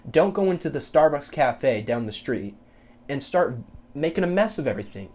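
Young male podcast host, solo rant, blunt and profane, voice of average pitch. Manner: profane, blunt ranting with swings into loud mocking quotes.

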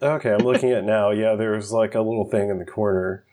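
A man's voice: on the low side, fairly even intonation, fairly quick, darkish tone. A man co-hosting a casual podcast chat, laid-back and laughing often. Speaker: podcast co-host.

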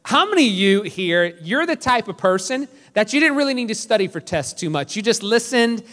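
Male pastor preaching, jokey and chatty, highish voice, big church echo. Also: sing-song, a little fast, a bit bright. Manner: joking, self-deprecating, conversational. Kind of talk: sermon with storytelling. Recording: long reverb of a large hall.

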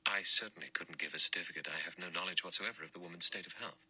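A man voices a dry, cautious doctor, deep and husky with a bright edge, measured in every word. A storybook reading. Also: heavily acted, poor audio.

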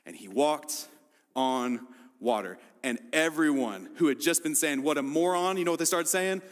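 A man with a somewhat high voice preaches with animated storytelling. He drops his voice for quoted lines and pushes it for the big moments. His voice carries a long reverb, as if he is in a church auditorium. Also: fairly quick. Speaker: pastor. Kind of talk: sermon.

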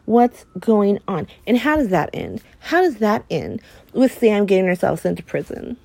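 A woman's voice: mid-range voice, very animated, moderate pace, vocal fry, warm tone, no echo. A woman hosting a podcast, recapping a soap opera in a sassy, emphatic way and repeating her key lines for effect. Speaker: podcast host.

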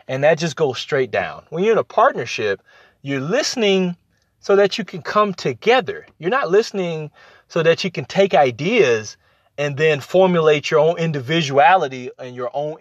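A man with a slightly high voice talks through relationship advice in a loose, conversational way. He repeats phrases for emphasis and slips into quick acted-out exchanges. The recording is dry and slightly muffled. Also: dry recording. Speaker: podcast host. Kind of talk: casual advice talk.

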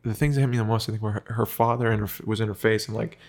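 In a casual conversation, a man gets emotional and swears a lot while acting out the people in his story and their lines. He talks at a racing speed in a lowish, gravelly voice with a steady tone.

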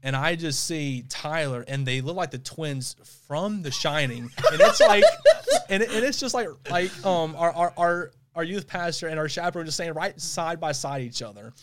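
A man co-hosting a podcast, telling a story in casual chat, animated, laughing often and stumbling over repeated words. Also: on the high side, moderate pace. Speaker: podcast co-host.

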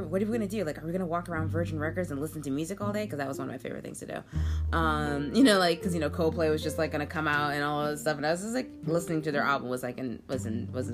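Young woman, rambling self-mocking storyteller, lowish voice, music bed behind. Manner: chatty and self-mocking, many likes and ums, frequent laughs. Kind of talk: casual storytelling to camera.

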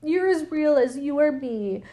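A woman's voice: high voice, expressive, measured pace, mellow, pitched above the performer's own voice. A woman voicing a theatrical female ventriloquist, with a sweet, hammy stage voice. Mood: coaxing.

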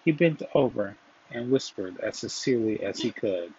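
Husky guy reading a folk tale, kinda gravelly, dull lo-fi sound. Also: lowish voice, animated, moderate pace. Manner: gentle read-aloud with small restarts. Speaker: storyteller. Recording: dull, dry, lo-fi.

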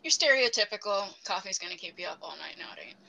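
Female co-host, bright tone, mid pitch, casual teasing banter. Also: animated, creaky, rough recording. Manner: teasing, quick joking asides. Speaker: podcast co-host. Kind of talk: casual movie review chat.

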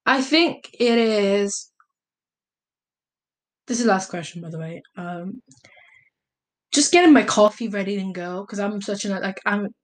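A woman's voice: mid-range voice, expressive, measured pace, long pauses. A young woman from Italy answering casual vlog questions, rambling and hesitant, with lots of fillers and self-corrections. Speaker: vlogger.

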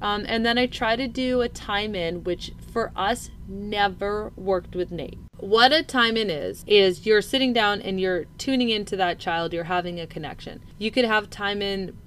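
A woman's voice: mid-range voice, normal speed, few pauses, fairly bright tone, slight background noise. A woman in her thirties co-hosting a casual parenting chat, talking earnestly and thinking aloud with lots of fillers. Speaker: podcast co-host.

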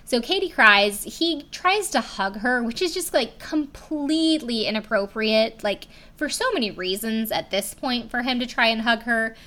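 A young woman tells a story in a loose, chatty way, her voice bright and forward. She leans on "like" between phrases and swears casually as she goes. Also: fairly high pitch, lively intonation, moderate pace, hardly any pauses. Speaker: video recapper.

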